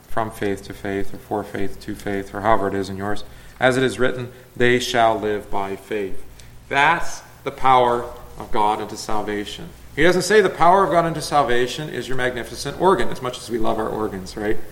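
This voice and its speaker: A man's voice: lowish voice, fairly bright tone. A man leading a Bible study as a pastor, teaching conversationally, asking the group questions and correcting himself as he goes. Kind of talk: casual Bible class teaching.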